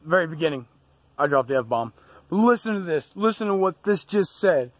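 A man's voice: a little high, lively intonation, normal speed. Man vlogging a cemetery ghost hunt, jumpy and exclaiming, noisy outdoor handheld sound. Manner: startled, exclaiming, talks to viewers. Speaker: paranormal investigator. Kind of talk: excited on-site vlog commentary.

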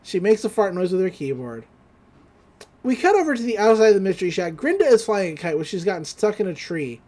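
Podcast host, woman, casual giggly recap, animated pitch, mid-range voice. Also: brisk. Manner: chatty, giggly, many fillers.

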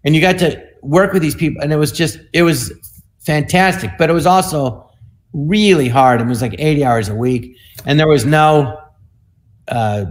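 A man in his sixties, a comedian and guest, telling stories in an animated way and acting out quoted voices over a video call. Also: fairly high pitch, normal speed. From United States. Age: 60s. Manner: acts out quoted voices, with repeated "I go" and "he goes". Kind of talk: animated anecdotal storytelling.

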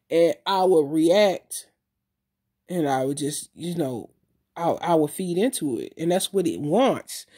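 Mellow-voiced woman in a loose, swearing vlog. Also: deep voice. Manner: loose, emphatic street talk with frequent swearing; repeats herself and pauses with fillers. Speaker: vlogger. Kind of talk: casual video monologue.

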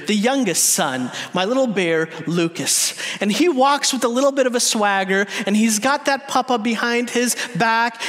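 A man in his thirties preaching a sermon, a lively and humorous storyteller who speaks straight to the congregation. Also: extremely high pitch. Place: church sanctuary. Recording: long reverb of a church hall.

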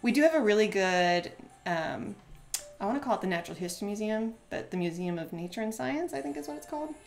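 A woman's voice: medium pitch, expressive, fast talker, vocal fry, soft background music. Chatty, giggly woman streaming crafts. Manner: chatty and giggly, heavy on "like" fillers. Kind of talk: casual live-stream craft tutorial.

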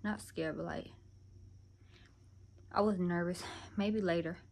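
A woman's voice: lowish voice, steady tone, takes it slowly, vocal fry, darkish tone. A young woman chatting to her viewers in a casual get-ready-with-me vlog, constantly calling them y'all. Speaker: vlogger. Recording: background noise with passing vehicles.

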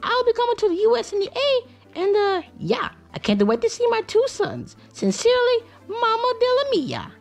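A strict, scolding older mother , as a woman puts her on in a plush puppet comedy skit. She speaks in a shrill voice pitched very high, and it swings up and down with lively movement. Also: moderate pace, vocal fry, soft background music, heavily acted. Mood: sweet. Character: strict older Italian mother, stern and proper.

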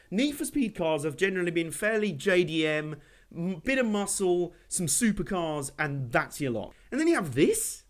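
A man hosting a gaming channel, giving animated, jokey commentary over a racing game he is playing. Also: fairly high pitch. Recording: game car noise under voice. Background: racing game engine noise.

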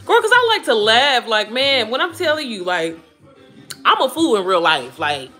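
A woman in her thirties chatting casually to her viewers, animated and talkative, calling them girl and baby. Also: a little high, moderate pace, soft background music. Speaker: vlogger talking to viewers while cooking. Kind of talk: casual chat.

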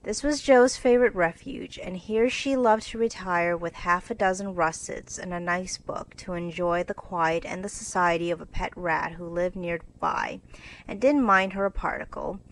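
A woman's voice: lowish voice, low-quality recording. Woman reading a classic story. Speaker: narrator. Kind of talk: storybook reading for English learners.

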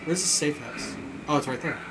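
A man's voice: on the high side, brisk, noisy background. A man co-hosting a let's play, chatting casually and swearing while playing. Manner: laid-back, swears casually, laughs a lot. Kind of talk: casual gaming commentary. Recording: game music behind.

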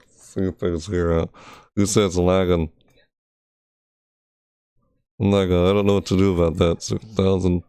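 A man's voice: lowish voice, a little mellow, smooth, no echo, studio quality. A man streaming from his computer, thinking aloud with frustration and talking to his chat, often repeating words as he tests things. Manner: repeats words over and over while testing. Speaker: gaming streamer. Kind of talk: casual live-stream commentary.

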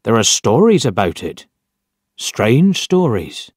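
A man's voice: medium pitch, very animated, slow, a little mellow, husky, dry recording, clean studio sound, full character voice. A man reading an audiobook, voicing a wary, guarded garage man.

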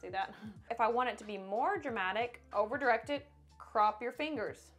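A woman's voice: on the high side, moderate pace, a bit bright, soft background music. A young woman, teaching haircutting in a casual, chatty tutorial with rambling asides and laughs.

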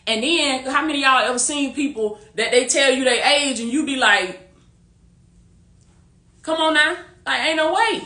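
A bright-voiced woman, a faith-based life coach, gives her livestream audience a casual pep talk at a normal speed. Her voice is high and the room reverberant, heard through a phone or webcam. She's rallying, preachy, warm-hearted and repetitive, laughing often.

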